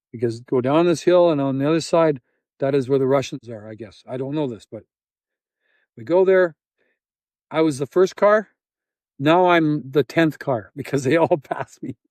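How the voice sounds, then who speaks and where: A Canadian man telling a story in an interview, acting out scenes with sound effects and halting restarts. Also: fairly high pitch, dry recording, studio quality. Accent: Canadian English. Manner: animated, acts out scenes with sound effects and quoted voices. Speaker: interview guest, volunteer.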